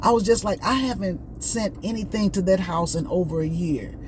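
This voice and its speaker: A woman hosting a casual vlog, chatting and telling stories in an animated way while out on a morning walk. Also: on the low side, normal speed, noisy background. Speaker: vlog host. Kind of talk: casual chat.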